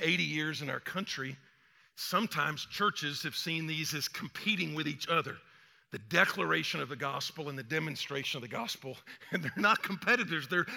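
Older male pastor, bright high voice, lively conversational sermon with long room reverb. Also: normal speed, vocal fry. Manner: energetic, conversational, acts out quotes. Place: church sanctuary.

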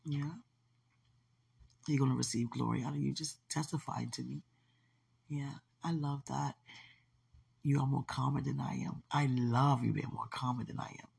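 A woman's voice: extremely low pitch, fairly even intonation, normal speed, creaky, long pauses, darkish tone, slightly rough. A woman hosting a podcast in casual livestream chat, effusive and affectionate and laughing often. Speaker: podcast host.

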